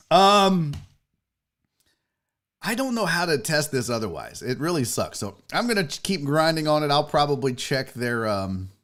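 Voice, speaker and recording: Loud, animated man hosting a live stream. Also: medium pitch. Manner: loud, profane and excitable, shouting bursts; reads viewer messages aloud. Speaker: show host. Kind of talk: casual live-stream chat.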